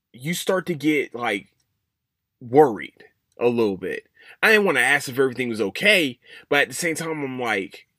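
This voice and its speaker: A man's voice: mid-range voice, a bit bright, dry recording, studio quality. A man hosting his own podcast, talking casually and rambling with lots of fillers and restarts. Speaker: podcast host. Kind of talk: casual solo podcast monologue.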